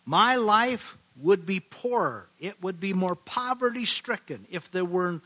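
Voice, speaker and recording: An older man from the American Midwest preaching a sermon, earnest and emphatic, slowing to stress key phrases. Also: sits high, lively intonation, sharp tone, poor audio. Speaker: pastor.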